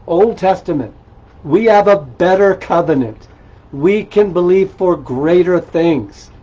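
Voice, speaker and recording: A man's voice: high voice, lively intonation, slow, dark tone. A man preaching a sermon in a conversational way, with asides and rhetorical questions. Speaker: pastor. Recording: dull lo-fi recording.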